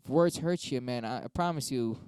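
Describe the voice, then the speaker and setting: A young man rants his way through debate prompts on his own stream, swearing freely and arguing both sides. His voice is dark and smooth, and it sits dry and close to the mic. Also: medium pitch, brisk, dry recording. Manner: profane, rambling, argues both sides with himself. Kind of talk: casual solo monologue.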